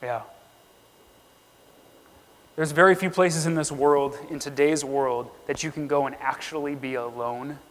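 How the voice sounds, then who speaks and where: A man preaches a sermon with a notably high voice. He reads scripture aloud and acts out the quotes earnestly. The sound carries the long reverb of a church hall. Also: steady tone, a little slow, long pauses. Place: church sanctuary.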